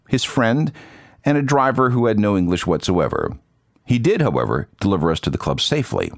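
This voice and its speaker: A man's voice: medium pitch, dry recording. A man hosting a podcast, telling music-industry stories in scripted narration with dry asides. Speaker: podcast host. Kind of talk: scripted radio-style narration.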